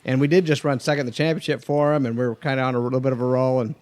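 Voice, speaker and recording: A man's voice: medium pitch, racing, no echo. A man, a race car driver, telling stories in a casual studio chat and acting out the people he quotes. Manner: animated, acts out quoted voices. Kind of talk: casual storytelling.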